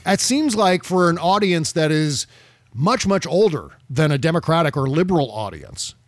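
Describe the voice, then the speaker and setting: A man co-hosting a political podcast in casual chat, talking loosely with profanity and quick laughs. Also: on the high side, big pitch swings, no echo. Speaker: podcast co-host.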